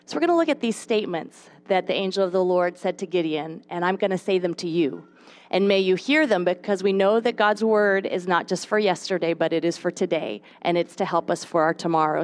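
A young adult woman teaching a devotional Bible lesson to mothers, expressive, with playful asides. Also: medium pitch, a little fast. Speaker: speaker at a mothers' Bible study.

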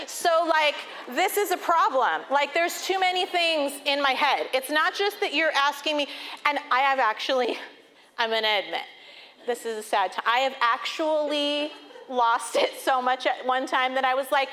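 A woman in her thirties telling funny personal stories in an animated way, laughing often and acting out voices. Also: high-pitched, moderate pace. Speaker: speaker talking about overwhelm. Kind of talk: personal storytelling talk.

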